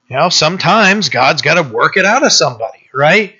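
A man's voice: on the high side, animated, moderate pace, hardly any pauses, pushed and bright, slightly rough, muffled recording. A man preaching a conversational Bible teaching sermon as a pastor, often checking in with his listeners with "right?" and "you know.".

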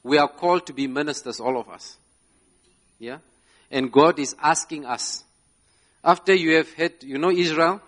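A man's voice: on the high side, moderate pace, pauses often, a bit bright. A man preaching a sermon to a congregation, emphatic, often asking "yeah?" and laughing between phrases. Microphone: slides shown, speaking to a live congregation.

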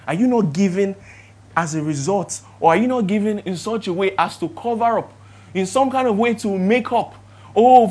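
A pastor with a Nigerian accent preaching a sermon, firing rhetorical questions at the listeners and swinging between loud emphatic build-ups and quiet, slowed-down points. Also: medium pitch. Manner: asks rhetorical questions of the congregation.

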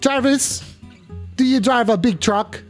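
A man doing a high, overwrought French call-in host. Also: unhurried, faint music behind. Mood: dramatic. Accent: put-on French. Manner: theatrical, overwrought and needy, pleading. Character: flamboyant French man hosting a late-night call-in show.

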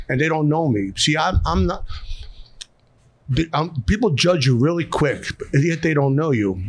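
A man's voice: fairly high pitch, expressive, normal speed, slightly rough. A middle-aged man with a Philadelphia accent, a restaurateur speaking bluntly and emotionally as a guest in a podcast interview, often repeating himself. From South Philadelphia.

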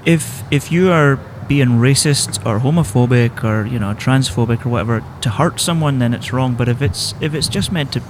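A man in casual podcast chat, speaking in a measured, hesitant way with fillers. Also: mid-range voice, background noise.

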